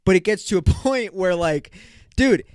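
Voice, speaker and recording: A man's voice: high-pitched, lively intonation, a little slow, smooth, no room sound, clean studio sound. A man hosting a podcast, ranting bluntly and with plenty of swearing. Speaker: podcast host. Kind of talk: casual rant.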